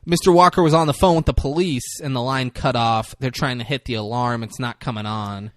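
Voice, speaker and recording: A young man co-hosting a podcast, retelling a movie in a casual, profane, animated way. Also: medium pitch, fairly quick, dry recording, studio quality. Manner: profane, animated storytelling with acted quotes. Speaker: podcast co-host.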